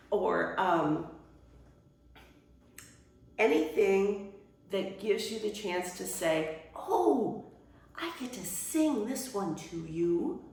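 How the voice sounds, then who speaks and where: An older woman, a retired children's librarian, demonstrating how to read aloud to kids in a workshop, with playful exclamations. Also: mid-range voice. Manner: animated storytime voice, big swoops and playful exclamations. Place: workshop room. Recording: echoey room, voice from far off.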